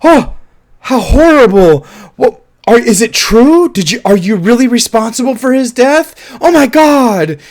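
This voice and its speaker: A man's voice: very high-pitched, sing-song, a little slow, voice pushed up, exaggerated voice. A man mimicking gasping, scandalized lionesses. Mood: shocked. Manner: gasping, melodramatic outrage. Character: group of gasping, shocked lionesses.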